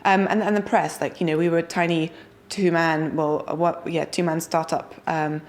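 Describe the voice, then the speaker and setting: Low-voiced, upbeat young woman. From United Kingdom. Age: young adult. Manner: energetic, enthusiastic, quick asides. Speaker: startup founder and guest. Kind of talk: casual interview talk.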